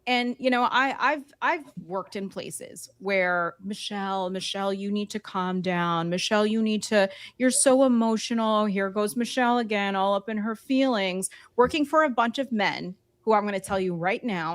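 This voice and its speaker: A woman's voice: mid-range voice, dry recording. A woman co-hosting a political podcast, speaking emphatically and repeating phrases for stress. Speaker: podcast co-host. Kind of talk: casual political podcast talk.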